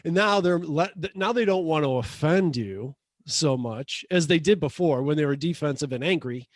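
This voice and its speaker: A man in his fifties co-hosting a podcast, chatty and quick to laugh in casual conversation. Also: on the high side, no echo, clean studio sound. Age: 50s. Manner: animated, chatty, laughs easily. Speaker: podcast co-host.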